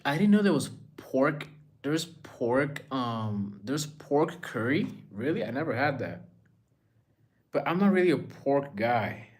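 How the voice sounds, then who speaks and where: A man's voice: mid-range voice, big pitch swings, takes it slowly. A young man casually chatting on a livestream, reading viewer messages aloud and musing in a laid-back way.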